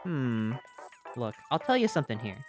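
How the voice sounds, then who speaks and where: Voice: medium pitch, big pitch swings, moderate pace, soft background music, lightly acted. A streamer voicing a blunt, cagey old woman shopkeeper who lectures in folksy talk. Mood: gruff.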